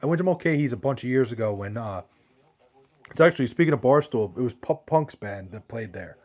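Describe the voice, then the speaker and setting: A man's voice: mid-range voice, expressive, a little fast, darkish tone, lo-fi sound. A young man, chatting casually and profanely, rambling and restarting his sentences as he reads live chat. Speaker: podcast host reading live chat.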